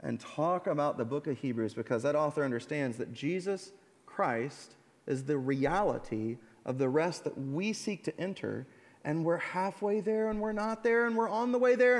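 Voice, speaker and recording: Animated pastor preaching in a reverberant hall. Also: male voice, on the high side. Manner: animated storytelling, acts out voices in anecdotes. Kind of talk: sermon. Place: church sanctuary.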